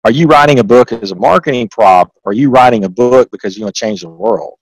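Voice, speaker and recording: Speaking fast at a medium pitch, this Southern man is an author and accountant guesting on an interview. His casual talk is folksy and rambling, full of restarts, and turns emphatic on his points. There's no room sound, but the audio is poor.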